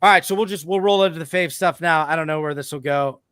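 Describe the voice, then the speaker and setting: Rambling male podcast host, slightly high voice, dry close-miked sound. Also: fast talker, a bit bright, clean tone, dry recording. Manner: rambling, self-interrupting. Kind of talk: casual chat.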